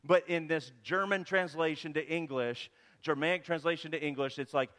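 A man's voice: on the high side, normal speed. A man preaching a sermon in a church, telling stories with bursts of emphasis. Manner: animated storytelling with bursts of emphasis. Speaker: guest preacher. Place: church sanctuary. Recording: reverberant church hall.

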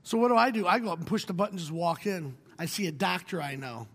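A middle-aged male pastor preaching a sermon, telling a personal story with wry humor and moving between hushed and emphatic delivery. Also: high voice, quick pace, husky, big-room sound.

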